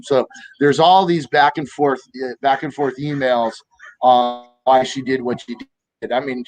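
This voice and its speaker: A man in his fifties from the United States, telling animated stories in a casual political chat and acting out quoted voices. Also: mid-range voice, no room sound, poor audio. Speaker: co-host of a political talk stream.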